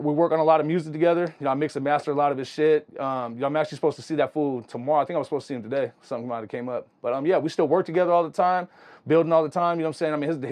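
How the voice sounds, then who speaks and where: Fast-talking, animated young man. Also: on the high side. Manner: animated, slangy, full of "you know what I'm saying". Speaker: music producer guest. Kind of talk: casual storytelling.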